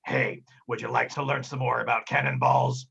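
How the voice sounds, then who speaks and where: A man's voice: mid-range voice, little pitch movement, moderate pace, gravelly, a bit bright, slightly rough, dull audio, heavily acted. A man doing a brash, snarling deckhand. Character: strong showoff male sailor, swaggering.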